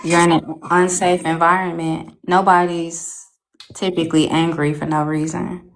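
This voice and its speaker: A woman taking part in a live talk, explaining her point in a calm way. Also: fairly low pitch, normal speed, slight background noise. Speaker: participant in the talk. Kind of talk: casual chat.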